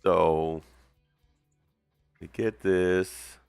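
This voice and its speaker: A man's voice: sits low, very slow, gravelly, smooth, dry recording, clean studio sound, faint music behind. A man hosting a casual hobby livestream, telling stories in a loose, slangy way, often laughing and acting out the people he quotes. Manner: animated storyteller, acts out quoted voices. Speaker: hobby stream host.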